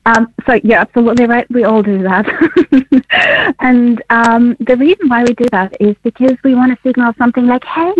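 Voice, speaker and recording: Breathy woman on a tinny phone line. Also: fairly high pitch, fairly even intonation, brisk, no echo. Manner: friendly, laughs often, explains simply. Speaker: guest researcher. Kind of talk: phone-in radio interview.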